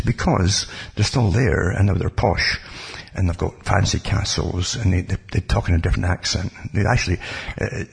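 Man, very deep voice, heavily gravelly and husky, rambling casual history talk. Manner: rambling, digressive, asides like "you see". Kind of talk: casual spoken history monologue.

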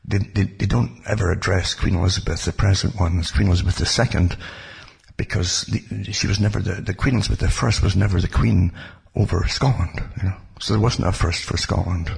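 Man, very deep voice, heavily gravelly and husky, rambling casual history talk. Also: steady tone, a little fast, a little mellow. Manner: rambling, digressive, asides like "you see". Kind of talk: casual spoken history monologue.

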